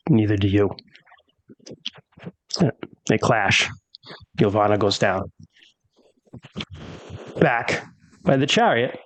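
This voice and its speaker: A man's voice: lowish voice, a bit bright, no room sound, poor audio. A man narrating a tabletop game as game master, telling the scene with drama. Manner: dramatic storytelling with character voices.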